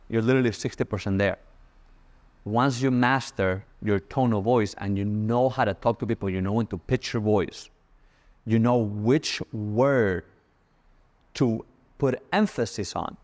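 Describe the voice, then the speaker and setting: Man, sales coach, casual punchy delivery, acts out pitches. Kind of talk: motivational sales talk.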